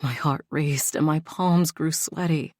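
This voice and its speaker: Woman with a low voice reading a romance audiobook, steady, dry close sound. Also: measured pace, no echo. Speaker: audiobook narrator. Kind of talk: first-person romance audiobook narration.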